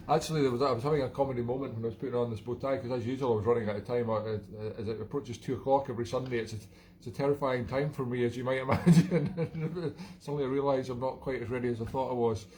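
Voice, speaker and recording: A man's voice: mid-range voice, fairly even intonation, fast, hardly any pauses, a little mellow. Rambling Scottish man hosting a live stream. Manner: rambling and self-mocking, often chuckling. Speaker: live-stream show host. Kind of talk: casual live-stream chat.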